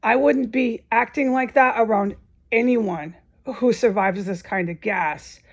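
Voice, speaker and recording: Woman vlogger, angry profane rant, raspy and a bit high-pitched. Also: a little slow. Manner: agitated and profane, voice rising to near-shouts. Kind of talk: angry ranting monologue.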